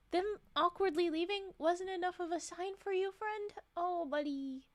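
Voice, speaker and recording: A woman's voice: very high voice, unhurried, hardly any pauses, no echo. A woman reading a classic tale aloud on a livestream, breaking off for joking asides, her voice strained and short of breath. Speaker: storyteller streamer.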